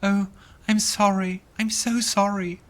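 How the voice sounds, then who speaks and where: A man's voice: high voice, level tone, measured pace, voice pushed up. A man voicing a remorseful old grandmother in a dream vision, pleading and tearful.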